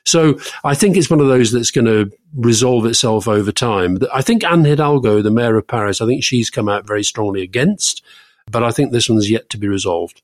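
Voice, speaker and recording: Man giving measured opinions in chat. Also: medium pitch, dry recording, clean studio sound. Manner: measured, stammering restarts, quick to lift into emphasis. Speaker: podcast co-host. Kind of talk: casual political chat.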